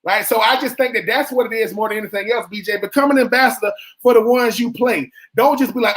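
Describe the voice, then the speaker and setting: A man's voice: very high-pitched, fast talker, few pauses, fairly bright tone. A man co-hosting a sports radio show, a former college football player making his case with emphatic, repeated points.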